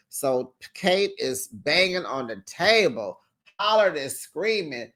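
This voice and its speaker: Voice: mid-range voice, very animated, slow pace, fairly bright tone. Sassy recap host talking to viewers. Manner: sassy, talks straight to viewers, acts out quoted lines; laughs readily between remarks. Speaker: reality TV recap channel host. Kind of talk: casual episode recap vlog.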